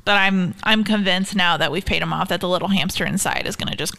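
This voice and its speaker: A woman's voice: lowish voice, quick pace, vocal fry, sharp tone. A woman co-hosting a podcast with her husband from their kitchen, talking in a chatty, emphatic way. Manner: chatty, emphatic, uses "y'all". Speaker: guest co-host. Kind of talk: casual chat. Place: home kitchen.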